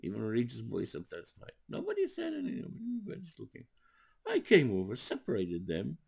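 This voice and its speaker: An older man, a rabbi, telling stories in a sermon with animated, rising emphasis. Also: mid-range voice, a little fast, gravelly, slightly rough. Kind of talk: storytelling sermon.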